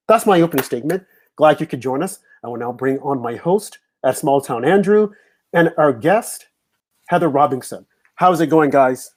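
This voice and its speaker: Husky man delivering a fiery monologue. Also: a little high, expressive, normal speed. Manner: impassioned, rhetorical questions. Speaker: host. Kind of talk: political opening monologue.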